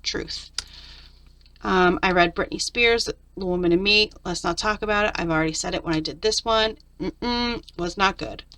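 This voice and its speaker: A woman's voice: mid-range voice, moderate pace, fairly bright tone. A middle-aged woman chatting candidly through a journal flip-through, venting about her week. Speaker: papercraft vlogger.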